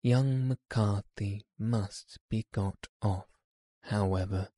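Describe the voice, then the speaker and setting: A man voicing a calm, gentle detective in a measured audiobook reading. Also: fairly low pitch, no echo, clean studio sound.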